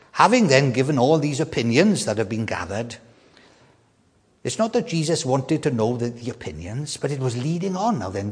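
An older man preaching a sermon with an animated delivery, often repeating words and slowing down to stress key questions. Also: fairly high pitch, big-room sound.

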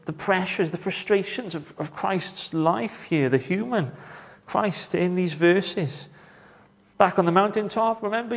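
Preacher in a reverberant hall. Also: male voice, high-pitched. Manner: measured, rhetorical, with dramatic pauses and questions to the congregation. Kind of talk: sermon.

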